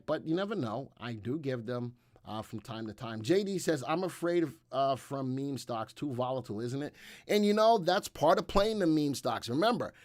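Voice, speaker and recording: A man's voice: fairly high pitch, no echo, studio quality. Chatty man hosting a stock livestream. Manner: chatty, rambling with fillers and asides. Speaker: livestream host. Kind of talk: casual market commentary.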